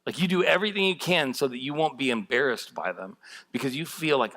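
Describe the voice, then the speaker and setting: Middle-aged male pastor, sermon, bright forceful tone, candid and self-deprecating. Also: mid-range voice, lively intonation, quick pace.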